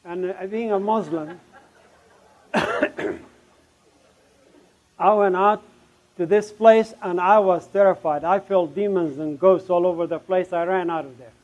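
A middle-aged man telling his testimony as a story. He speaks emphatically and acts out the remembered conversations, dropping suddenly to a hush at times. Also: high-pitched, steady tone, measured pace, pauses often. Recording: dull, lo-fi recording.

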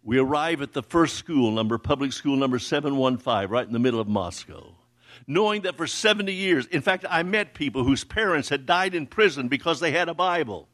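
A man's voice: medium pitch, lively intonation, a little fast, a bit bright. An older man telling a sermon-style testimony, often stumbling over repeated words and acting out the people he quotes. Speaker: ministry founder telling a testimony.

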